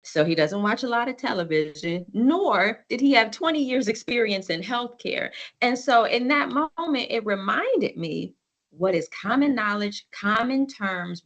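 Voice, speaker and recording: A woman in her forties giving a conversational storytelling presentation over a video call, with many fillers and restarts. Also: fairly low pitch. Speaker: conference presenter.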